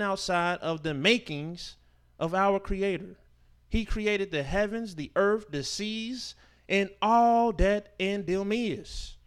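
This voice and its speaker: Emphatic high-voiced male preacher. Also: slow, fairly bright tone, smooth. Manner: informal speech with dropped verb endings and rhetorical questions. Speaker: teacher of a Sabbath scripture class. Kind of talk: sermon, reading and explaining scripture.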